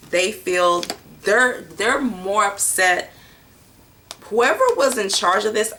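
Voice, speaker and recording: Tarot reader, woman, lowish pitch with a bright edge; blunt, unhurried, salty talk. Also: gravelly, a little hiss or hum. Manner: blunt, casual and profane, with many fillers. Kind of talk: casual tarot reading video.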